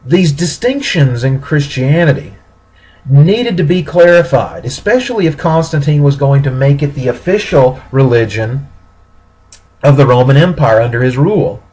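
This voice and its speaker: Husky-voiced male history lecturer. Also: a little high, low-quality recording. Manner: steady explanatory pace with pauses and self-corrections. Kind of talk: recorded classroom lecture.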